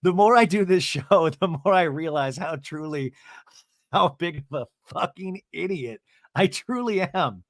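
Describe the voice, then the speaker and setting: A man's voice: fairly high pitch, expressive, measured pace, no room sound. Self-mocking man recapping TV, dry sound. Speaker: podcast host. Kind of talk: comedic TV recap.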